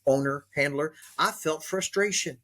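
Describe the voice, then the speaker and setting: A man's voice: on the high side, moderate pace, pushed and bright. A man voicing a male family dog who incredulously questions its owner, complaining that the praise felt empty. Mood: indignant.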